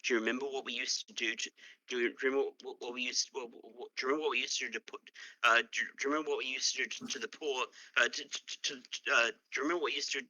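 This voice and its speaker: Guy doing an ashamed young elf, stammering and solemn, bright punchy voice, dry sound. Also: mid-range voice, steady tone, no echo, low-quality recording. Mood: earnest. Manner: halting, repeats himself, solemn.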